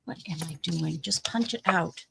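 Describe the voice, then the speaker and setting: A woman's voice: on the low side, normal speed, creaky, noisy background. A woman co-hosting a casual crafting livestream, chatting and reading out viewer comments. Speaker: crafting co-host.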